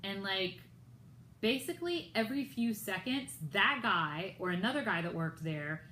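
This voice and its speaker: A woman's voice: mid-range voice, expressive, unhurried, bright, forceful tone, reverberant, slight background noise, rough recording. An American woman telling a personal story in a vlog, retelling it with indignation and acting out others' lines in raised voices. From United States. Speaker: vlogger.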